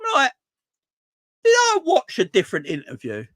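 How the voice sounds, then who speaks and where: A man's voice: very high-pitched, huge pitch swings, normal speed, a bit bright, dry recording. A man ranting casually about football as host of a fan channel, swearing and stumbling over his words when frustrated. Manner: exasperated, swears, repeats himself when frustrated.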